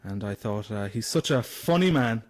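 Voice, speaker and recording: Giggly Irish radio host, lively pitch. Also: male voice, normal speed. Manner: giggly, swearing, loose. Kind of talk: casual chat.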